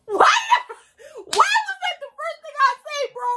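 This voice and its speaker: High, lively teenage girl telling a story. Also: a little slow, a little hiss or hum. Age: teens. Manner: dramatic, slangy, animated storytelling. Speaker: vlogger. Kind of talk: storytime vlog.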